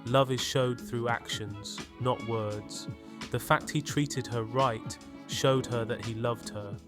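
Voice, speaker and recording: A man's voice: medium pitch, steady tone, slow pace. Scornful man over a guitar music bed. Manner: scornful, critical. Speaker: commentary channel host. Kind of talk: scripted voice-over commentary.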